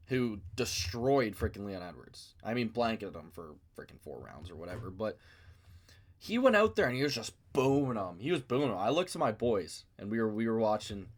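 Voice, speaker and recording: A man hosting a casual fight commentary vlog from his basement, rambling and self-mocking. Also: on the low side. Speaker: MMA video host.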